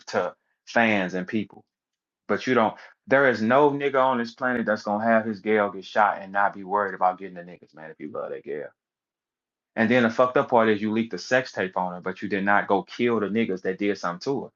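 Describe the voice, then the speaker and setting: A man in a heated, profane casual rant, telling stories and acting out other people's voices. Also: on the low side. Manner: profane, animated storytelling, acts out voices of others. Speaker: online audio room speaker. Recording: dull lo-fi audio stream.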